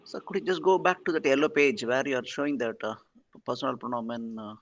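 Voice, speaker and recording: A gravelly man talking quickly as he works through a grammar point in class. His voice comes through a dull, lo-fi video call line, hesitant as he thinks aloud. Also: medium pitch, slight background noise. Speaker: student. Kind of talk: asking questions in class.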